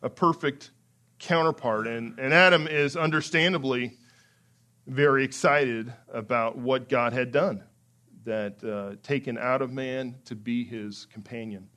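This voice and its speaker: A man preaching a sermon as pastor, conversational with small laughs, acting out excited quotes in a lively way. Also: unhurried. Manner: animated, acts out excited quotes with rising pitch.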